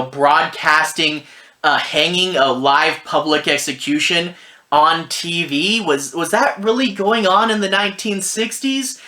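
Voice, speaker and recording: A man's voice: a little high, bright, forceful tone. A man giving a casual, rambling review of a TV series, with frequent "you know" and "like" fillers. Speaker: TV and film reviewer. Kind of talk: casual solo review talk.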